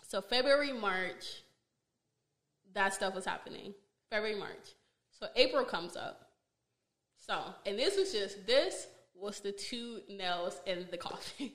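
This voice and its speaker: A woman hosting a podcast talks through a personal story in loose, chatty storytelling. She is animated and exasperated, with plenty of fillers, and her voice sits in an ordinary middle pitch. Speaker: podcast host. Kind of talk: casual storytelling chat.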